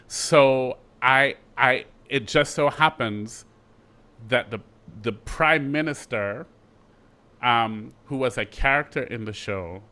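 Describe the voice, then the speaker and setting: Interviewed as a guest, this actor is a middle-aged Jamaican man with a medium-pitched voice. His storytelling is lively, full of quick asides and restarted sentences.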